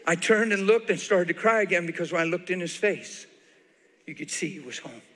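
A high-voiced man with a bright, forceful tone, preaching in a big church hall where his voice rings out with long reverb. He tells his story animatedly, and his voice often breaks into laughter and tears. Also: expressive, fairly quick. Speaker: guest preacher. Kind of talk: sermon storytelling. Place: large church auditorium.

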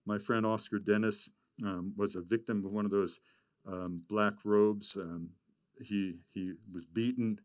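A man giving a storytelling talk, animated and full of stammered restarts. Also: on the low side, normal speed, no room sound. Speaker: speaker.

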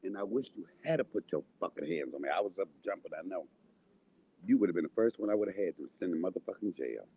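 Brief: husky, low-voiced man, angry vlog rant, lively pitch swings. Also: fast talker, highs cut off. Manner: heated, insulting, swings loud and quiet. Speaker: vlogger. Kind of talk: angry profane rant to camera.

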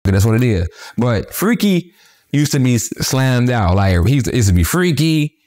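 A man being interviewed, telling stories in rapid, animated, profane street talk full of restarts. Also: medium pitch. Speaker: interview guest. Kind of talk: casual storytelling interview.

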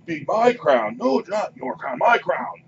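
A brutish two-headed giant ettin bellows and squabbles with itself, as a man puts the voice on, pitched high and loud. The recording is muffled and lo-fi, with a steady hiss of background noise behind it. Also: measured pace, vocal fry, exaggerated voice. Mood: shouting, bickering.

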